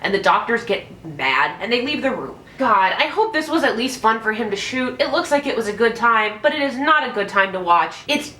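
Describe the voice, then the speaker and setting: A woman's voice: on the high side, animated, normal speed, few pauses, sharp tone, reverberant. A young woman giving a casual, profane, sarcastic movie review and mimicking characters in mock voices.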